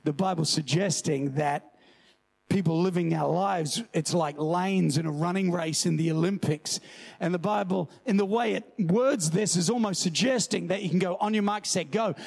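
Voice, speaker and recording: A man preaching a lively sermon to his church, telling stories and jumping into high shouted voices when he quotes people. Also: normal speed, gravelly, slightly rough. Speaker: pastor.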